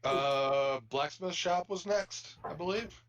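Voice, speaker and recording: A man running a tabletop game as dungeon master, narrating in a relaxed, casual way. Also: a little high, slow pace, muffled recording, background noise.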